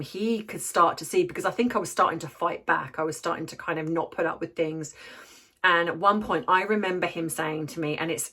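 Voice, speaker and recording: A woman with a fairly low voice tells a personal story straight to camera. She sounds reflective and candid, often stopping to search for the right words. She is a therapist and life coach. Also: fairly bright tone. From United Kingdom.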